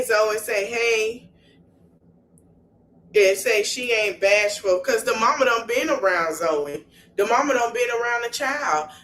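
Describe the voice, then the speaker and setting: A woman's voice: on the high side, slight background noise, poor audio. A woman podcast host giving a casual recap, retelling scenes in a he-said-she-said way with slangy asides to her listeners. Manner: animated storytelling, retelling scenes in he-say-she-say fashion.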